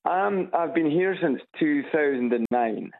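A Scottish man calls in to a radio show, his husky, gravelly voice coming through a tinny phone line. He speaks earnestly and pauses now and then to find his words. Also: a little high, expressive. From Scotland. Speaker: caller.

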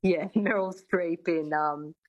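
A woman's voice: on the low side, fairly even intonation, slow, muffled recording. A woman, a coach talking in an interview, chatty and full of restarts. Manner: chatty, many restarts and "I mean". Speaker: accent coach. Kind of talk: radio interview guest.

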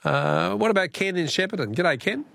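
A man with an Australian accent hosting a talkback radio quiz, chatty and quick to laugh with callers. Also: sits high, expressive, creaky, fairly bright tone. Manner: chatty, laughs often, friendly banter with callers.

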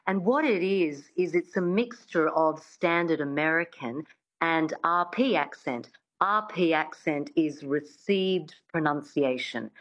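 A coach explains things clearly as a guest on a radio interview. Her voice sits fairly low. She comes through a dull, muffled phone line. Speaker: accent coach.

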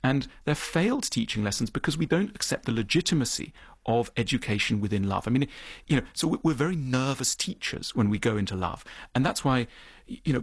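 A middle-aged man, a guest author, explaining his ideas in an animated conversational way, acting out little dialogues. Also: medium pitch, breathy edge, no echo, clean studio sound.

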